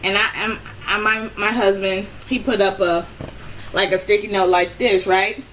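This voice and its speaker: A woman telling a personal story in a casual storytime vlog, animated and rambling with many restarts, her voice jumping up when she relives the frustration. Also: medium pitch, normal speed, slight background noise, low-quality recording. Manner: rambling with frequent restarts and "I'm like".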